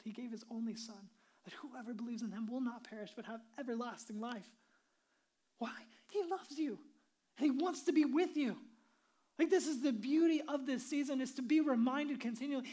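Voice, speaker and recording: A woman pastor giving an earnest, conversational sermon, dropping into a soft hushed delivery on solemn points. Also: sits high, normal speed. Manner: earnest, conversational preaching with many "like" asides.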